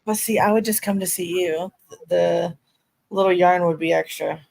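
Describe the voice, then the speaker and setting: A woman's voice: fairly low pitch, steady tone, moderate pace, vocal fry, darkish tone, no echo, poor audio. A woman from Florida, a livestream guest chatting casually and laughing easily. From Florida, USA. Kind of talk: casual chat.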